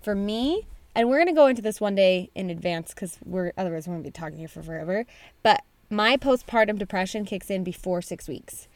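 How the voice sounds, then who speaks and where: A woman's voice: medium pitch, lively intonation, brisk, dry recording. A woman in her thirties co-hosting a casual chat, talking frankly in a mid-range voice. The recording is dry and close, with no room sound. She often builds her points in runs of repeated phrases. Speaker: podcast co-host.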